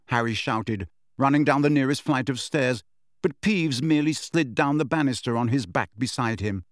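A man reading a novel aloud as audiobook narration, in measured, expressive storytelling. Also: mid-range voice, dry recording, clean studio sound. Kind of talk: scripted narration.

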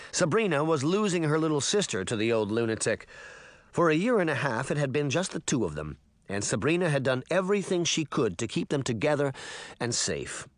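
A man's voice: medium pitch, no echo. A man narrating a children's fantasy novel as an audiobook. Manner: expressive storytelling. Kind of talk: scripted narration.

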